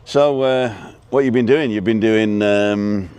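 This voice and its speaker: A man's voice: fairly low pitch, a little slow, a little mellow, smooth. A man hosting a live walking show outdoors, chatting casually, cracking jokes and reading out viewer names. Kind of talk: casual live-stream chat. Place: outdoors on a street in a seaside town.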